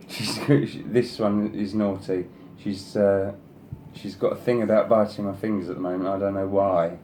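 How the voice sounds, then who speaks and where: Man hosting a craft show-and-tell, deep voice, mellow tone, effusive and rambling. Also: little pitch movement, normal speed, hardly any pauses, slight background noise. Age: adult, sister past thirty. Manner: effusive, rambling with many "you know"s; coaxes his pet in a higher voice. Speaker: craft channel host showing design samples.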